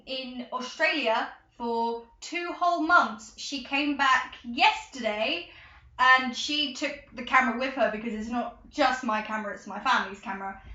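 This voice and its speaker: Excitable, bright-voiced teen girl. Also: high voice. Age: teens. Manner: chatty, excitable, rambling with restarts. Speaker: vlogger. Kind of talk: casual vlog. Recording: echoey room, dull lo-fi sound.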